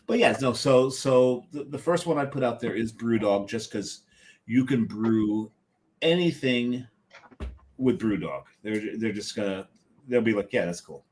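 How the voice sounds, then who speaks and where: A man's voice: mid-range voice, darkish tone, slight background noise. Rambling, joking male podcast co-host. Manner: rambling, joking, with filler pauses. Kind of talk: casual podcast chat.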